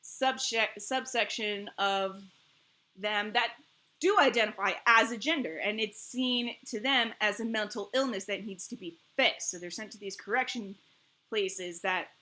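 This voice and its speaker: A woman streamer in casual chat, animated and rambling, laughing often between thoughts. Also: medium pitch, a little slow. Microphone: streaming mic.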